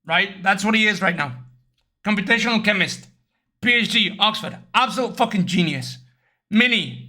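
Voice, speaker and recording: A young man streaming, chatting casually and telling animated stories with lots of swearing, raising his voice to act out other people. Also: high voice, moderate pace. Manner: animated storytelling, acts out others in raised voice, swears often. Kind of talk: casual livestream chat.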